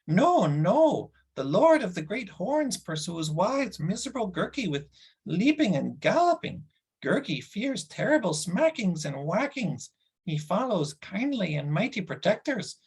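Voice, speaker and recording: A squeaky, whining hairy forest creature, begging and wheedling in strange rhyming words. The voice sits far above a grown man's usual pitch and keeps a husky edge. It sounds like a storybook beast cringing for a treat. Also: very animated, unhurried, exaggerated voice. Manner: speaks in odd rhyming '-ings' words, wheedling. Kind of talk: audiobook character voice.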